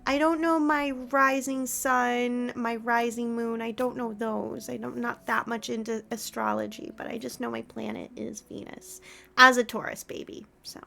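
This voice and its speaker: A woman's voice: fairly high pitch, flat delivery, normal speed, gravelly, sharp tone. A young woman streaming from home, chatting casually with her viewers, gushing and giggly as she greets them. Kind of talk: casual live-stream chat.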